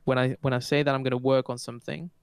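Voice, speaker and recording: Man, thirties, smooth resonant voice, dry close sound, hesitant casual chat. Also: mid-range voice, flat delivery, quick pace, dry recording. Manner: hesitant, many restarts and fillers. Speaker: podcast co-host.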